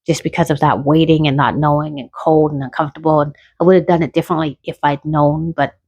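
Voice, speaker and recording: A woman's voice: low-pitched, fairly even intonation, fast talker, darkish tone, husky, no room sound. Chatty woman telling a personal story. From Canada. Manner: chatty, rambling with restarts.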